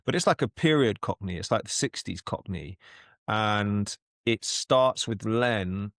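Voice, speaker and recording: A man talks casually on a podcast, his voice sitting on the low side. He tells stories in a halting, chatty way, repeating words as he goes. The sound is dry and close, with no room around it. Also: fairly bright tone, no room sound. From London, England. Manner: anecdotal, restarts and repeats words often. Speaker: actor and podcast co-host.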